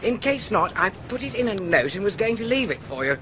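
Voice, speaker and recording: A bumbling posh young heir. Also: male voice, high-pitched, sing-song, a little fast, background noise. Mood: flustered. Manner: blustering, hesitant, slangy. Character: bumbling young aristocratic son, nervous. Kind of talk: radio drama acting.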